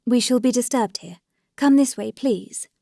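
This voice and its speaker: A woman reading the part of an anguished noblewoman who pleads for her friend, her voice climbing high in distress. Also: a little slow, vocal fry, dark tone, no echo, studio quality. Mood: pleading.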